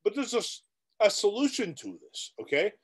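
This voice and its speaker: A man delivering a motivational vlog monologue in a somewhat high voice that swings widely in pitch. He is blunt and repetitive, talks straight at the viewer, and keeps restarting sentences. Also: huge pitch swings, normal speed, breathy edge. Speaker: real estate coach.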